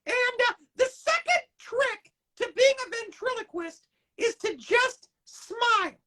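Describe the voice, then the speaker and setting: A woman's voice: very high-pitched, lively intonation, takes it slowly, bright, forceful tone, heavily acted. A woman voicing a cheerful, showy talking roll of toilet paper that opens a puppet comedy show in a bubbly, hammy way. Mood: chirpy. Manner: bubbly, hammy and self-praising. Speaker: show opener.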